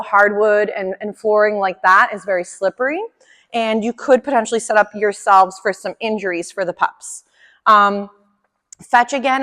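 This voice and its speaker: A woman dog trainer explains her method in a friendly, chatty way, cheering the dog on as she goes. Her voice sits in an ordinary middle pitch. The recording carries a long, echoey room reverb. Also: bright, forceful tone. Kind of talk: instructional demonstration.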